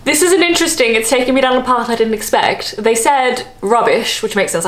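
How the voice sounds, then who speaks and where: A woman's voice: on the high side, brisk. A young Australian woman chatting casually to camera as a vlogger, laughing often and drifting into asides.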